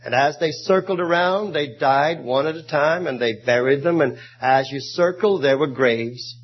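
A male preacher delivers a sermon, reading scripture with an old-fashioned cadence. His voice sits fairly high and sounds husky. The recording is dull and lo-fi. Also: normal speed. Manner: reads scripture in archaic cadence, then tells stories. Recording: muffled lo-fi recording.

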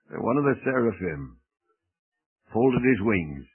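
A man's voice: fairly low pitch, sing-song, husky. A man preaching a sermon, dramatic, telling a story with quoted voices. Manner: dramatic, swings from slow to fast. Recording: tinny phone-like radio broadcast.

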